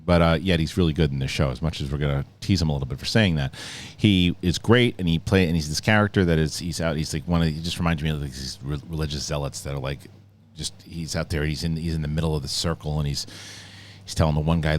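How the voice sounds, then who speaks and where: Low-voiced man rambling through a review. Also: fast. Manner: rambling, restarts often, animated retelling. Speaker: host. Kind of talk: casual spoken review.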